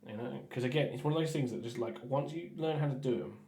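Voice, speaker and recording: A man chatting casually while painting miniatures on a stream, rambling with stumbling restarts and often trailing off quietly. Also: medium pitch, quick pace, reverberant. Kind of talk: casual painting livestream chat.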